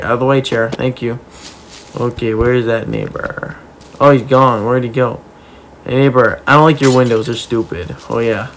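Guy doing silly excited game commentary, normal pitch, music playing loud behind him. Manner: excitable, goofy, talks to the game characters. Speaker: gaming YouTuber. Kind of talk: playful gameplay commentary.

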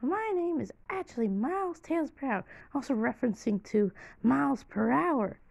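A woman voicing an eager young boy fox sidekick in a squeaky, strained voice. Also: animated, moderate pace, creaky, darkish tone, dry recording, exaggerated voice.

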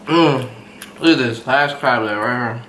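Male mukbang host, casual chatter between bites, bright voice, roomy echo. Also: mid-range voice, unhurried, a little hiss or hum. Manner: relaxed, chats between bites, laughs often. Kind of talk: casual eating vlog chat. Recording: roomy echoey room.

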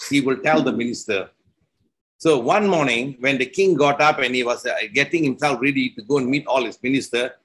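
Animated man telling a moral story. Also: medium pitch. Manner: lecturing, folksy, animated storyteller. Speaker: company co-founder and CEO, speaker. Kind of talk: motivational speech with a story.

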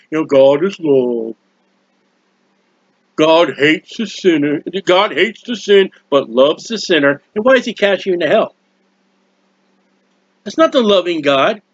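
High-voiced man preaching excitedly at home. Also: no echo. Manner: animated, rambling, exclamatory. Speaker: preacher of a hymn channel. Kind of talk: impassioned home sermon. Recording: dull lo-fi dry sound.

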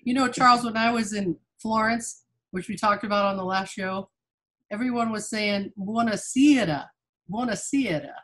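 A woman's voice: medium pitch, fairly even intonation, normal speed, a bit bright, slight background noise. Cheerful playful woman co-host. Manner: cheerful, playful, laughs easily. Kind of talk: casual talk-show chat.

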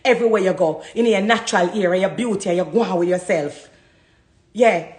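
A woman's voice: medium pitch, brisk, darkish tone, reverberant. A woman with a Jamaican Patois accent, ranting to camera as a vlogger, fiery and defiant, hammering her points with repetition. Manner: fiery, defiant, repeats herself for emphasis. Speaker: social media vlogger. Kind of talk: heated rant to camera.

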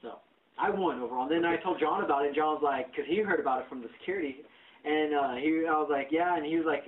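A man on a podcast telling a profane, animated story and acting out the people in it. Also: fairly high pitch, fast, recorded from a distance. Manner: animated, profane, acts out quotes. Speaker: podcast host. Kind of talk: casual storytelling chat. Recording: tinny lo-fi phone-like audio.

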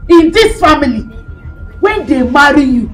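A woman playing a bossy, scolding Nigerian mother-in-law in a comedy skit, mocking her daughter-in-law and shouting in bursts. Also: sits high, lively intonation, normal speed, echoey room, faint music behind, rough recording.

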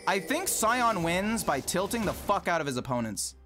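A man streaming a video game, voicing his frustration in a running rant full of swearing. His pitch sits a little high and leaps all over the place. Game music plays clearly behind him. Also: very animated, normal speed, a bit bright. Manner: exasperated, ranting, swearing often. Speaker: gaming streamer. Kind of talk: live gameplay commentary. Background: game music and sound effects.

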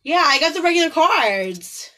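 A woman giving casual tarot readings on a livestream, chatty and giggly, dropping into soft prayers to her spirit guides. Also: sits high, very animated, moderate pace, noisy background. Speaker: tarot card reader. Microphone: phone or computer on a live video stream.

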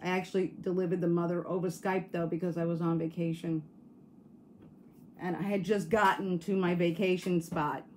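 A woman's voice: on the low side, flat delivery, normal speed, darkish tone, a little hiss or hum. A woman hosting a casual livestream, rambling and answering viewer comments while grieving and near tears. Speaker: livestream host.

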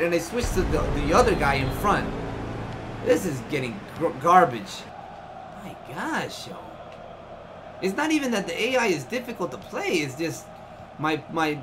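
Gaming YouTuber, male, high and lively delivery, casual slangy play-by-play over a desk mic. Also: noisy background. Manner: excitable, frustrated, says "man" and "yo" often. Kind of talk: live gameplay commentary.

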